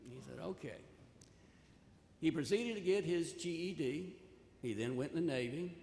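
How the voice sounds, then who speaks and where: A man's voice: on the high side, animated, normal speed, gravelly, long pauses, darkish tone, a little hiss or hum. An older man giving a commencement speech, telling a folksy personal story and offering earnest advice. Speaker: commencement speaker. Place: large ceremony hall. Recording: echoey hall, long reverb, faint ambience.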